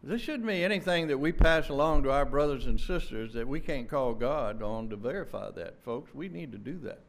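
A man preaching a sermon in an emphatic, fervent way, repeating words and restarting with quick stammers. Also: mid-range voice, animated, vocal fry.

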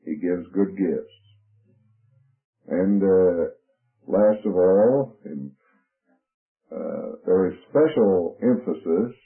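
A man giving a methodical Bible lesson, working through his points by number and letter in a radio broadcast. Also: low voice. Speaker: Bible teacher. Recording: phone-like narrow radio broadcast.

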